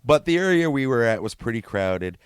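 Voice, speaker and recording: A man's voice: medium pitch, sing-song, a little fast, smooth, no room sound, studio quality. A man co-hosting a podcast, telling concert stories in a casual, profane chat and laughing easily. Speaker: podcast co-host.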